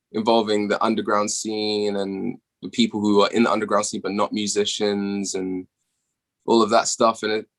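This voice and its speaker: A young British man, a musician guest on a podcast, talking casually over a remote call, laid-back and quick to swear and laugh. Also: fairly low pitch, vocal fry, a bit bright. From England.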